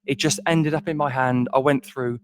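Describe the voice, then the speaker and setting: A man's voice: mid-range voice, steady tone, moderate pace. Rambling male podcast co-host. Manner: rambling, self-deprecating storyteller with many restarts. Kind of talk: casual storytelling chat.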